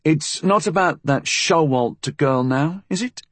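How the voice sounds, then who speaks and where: A wary, shabby gunsmith in an audiobook, as a male narrator puts him on. His voice rides noticeably high and sounds raspy, with dry, close miking. He speaks in a deferential, rough working-class dialect. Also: unhurried, a bit bright, dry recording. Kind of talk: audiobook character voice.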